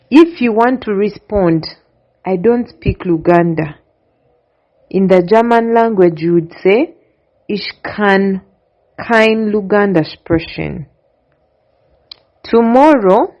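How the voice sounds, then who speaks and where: A woman giving a slow, deliberate language lesson, stating each phrase and then its translation in a steady, patterned way. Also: mid-range voice. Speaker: language teacher. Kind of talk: slow instructional narration. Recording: dull lo-fi recording.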